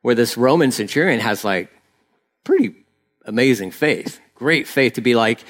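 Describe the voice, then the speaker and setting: A man's voice: mid-range voice, lively intonation, moderate pace. Earnest, casual-talking man preaching a sermon. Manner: casual and earnest, often says "like", voices quoted people. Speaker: pastor. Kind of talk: conversational sermon.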